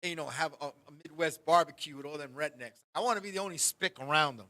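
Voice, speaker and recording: A man hosts the show and tells funny stories full of swearing and teasing. His voice sits high and has a bright, pointed edge. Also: fast talker. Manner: profane, animated, joking. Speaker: podcast host. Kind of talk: comic storytelling on a talk show.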